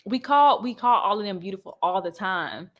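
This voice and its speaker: A woman's voice: medium pitch, lively intonation, moderate pace, fairly bright tone. Chatty young woman on a livestream. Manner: chatty and laughing often, talking straight to viewers. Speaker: livestream host reading viewer comments. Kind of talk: casual chat.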